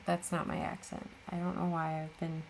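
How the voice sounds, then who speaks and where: A woman's voice: on the low side, monotone, moderate pace, gravelly, a little hiss or hum. A middle-aged woman hosting a casual crafting tutorial, chatty and full of self-deprecating asides. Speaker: craft channel host.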